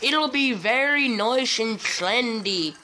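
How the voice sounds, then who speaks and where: A young man voicing a pompous, tea-loving gentleman in mock-formal, playful speech. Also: extremely high pitch, lively intonation, takes it slowly, a little hiss or hum, exaggerated voice. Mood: mock-posh.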